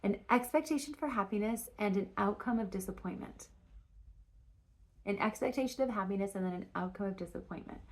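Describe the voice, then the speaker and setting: A woman's voice: medium pitch, fairly quick. Rambling woman doing a tarot reading. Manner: rambling and self-interrupting, with frequent "like" and restarts; swears casually. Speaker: tarot reader. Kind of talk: casual spoken tarot reading.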